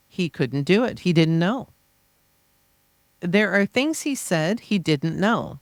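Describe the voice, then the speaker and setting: A podcast reader voicing a defense attorney's closing argument, forceful and insistent with repeated rhetorical phrases. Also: medium pitch, lively intonation, takes it slowly, no echo, studio quality. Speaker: podcast reader of trial transcripts. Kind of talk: reading a courtroom closing argument aloud.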